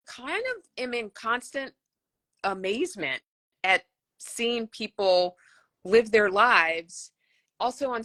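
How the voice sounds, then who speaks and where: A woman's voice: on the high side, sharp tone, no room sound, studio quality. A woman answering as a guest author in an interview. She speaks candidly and reflectively, with self-deprecating honesty.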